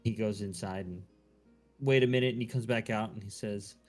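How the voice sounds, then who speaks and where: A man's voice: lowish voice, steady tone, a little fast, soft background music. A man running a tabletop game as game master, narrating loosely with many fillers and restarts.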